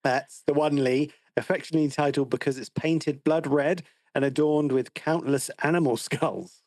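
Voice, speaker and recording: A man's voice: a little high, fairly even intonation, normal speed, darkish tone, dry recording. A man co-hosting a film podcast, recapping the plot in a wry, teasing way. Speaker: podcast co-host. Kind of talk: casual film discussion.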